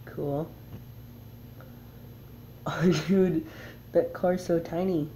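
A laid-back player commenting on a game, reading its text aloud in an unhurried way. The voice is mellow and warm, with light laughs between the lines. A faint background noise sits under the talk. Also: medium pitch, fairly even intonation, low-quality recording. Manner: reads game text aloud with chuckling asides. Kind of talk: casual gameplay commentary.

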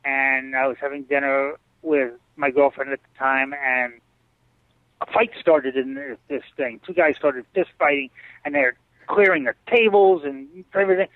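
A man's voice: medium pitch, moderate pace. A man telling stories as an interview guest over a video call, acting out what people said. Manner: animated storyteller, acts out others' lines. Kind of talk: storytelling in a casual interview. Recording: dry tinny call audio.

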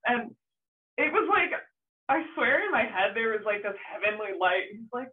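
A young adult woman, a surf photographer, telling a story in a casual interview. She is animated, laughs often and acts out her own past shouts. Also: fairly high pitch, normal speed, distant mic. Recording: tinny phone-like line, off-mic.

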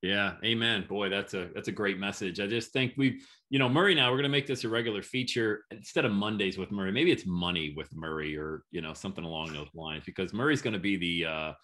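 Male podcast host, bright, forceful tone, slightly low pitch, chatty and encouraging. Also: quick pace, hardly any pauses. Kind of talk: casual podcast interview.

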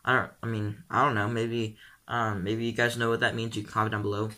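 A man's voice: fairly low pitch, flat delivery, a little fast, bright, forceful tone. A teenage boy vlogging casually, rambling and filling his talk with um and like. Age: teens. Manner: rambling, full of "um" and "like". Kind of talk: casual vlog commentary.

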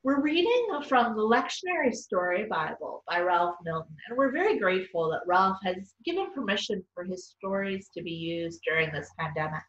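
A woman's voice: mid-range voice, very animated, moderate pace, few pauses, a bit bright. Friendly female storyteller reading aloud; distant, echoey, muffled recording. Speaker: children's storyteller. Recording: distant, roomy, dull sound.

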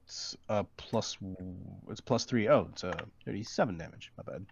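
A man's voice: lowish voice, lively intonation, moderate pace, lo-fi sound, slight background noise. A man playing in a casual tabletop game, offhand and hesitant with fillers. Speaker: player.

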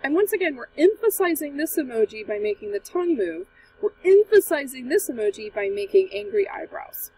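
Woman teacher, high and animated, patient step-by-step explainer for children. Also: fairly quick, recorded from a distance, a little hiss or hum, poor audio. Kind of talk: screen-recorded tutorial for children.

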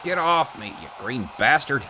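Male gaming YouTuber, animated pitch, foul-mouthed trash talk, noisy background. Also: unhurried. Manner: profane trash-talking, excited outbursts. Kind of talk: comedic gameplay commentary.

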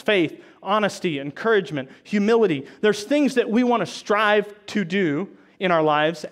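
Pastor guy with a high voice, preaching in church, chatty asides between verses. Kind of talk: sermon. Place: church service.

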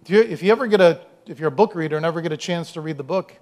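A man's voice: fairly high pitch, very fast, a little mellow. A male pastor preaching a sermon in a conversational, storytelling way, with asides to the congregation. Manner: conversational, storytelling, acts out quoted voices.

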